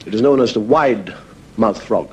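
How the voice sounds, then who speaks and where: A male comedian telling a long joke in a leisurely, animated stand-up monologue. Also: lowish voice, normal speed, lo-fi sound, background noise.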